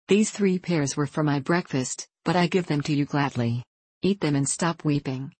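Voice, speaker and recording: A woman reading the part of a kind, patient old woodcarver who lectures gently. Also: low voice, normal speed, breathy edge, dry recording. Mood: tender. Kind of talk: audiobook character voice.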